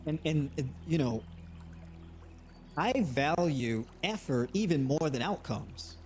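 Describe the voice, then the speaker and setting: Animated man giving a motivational talk. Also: on the high side, takes it slowly, soft background music. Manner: conversational, repeats words, rising to animated bursts. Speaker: live show host.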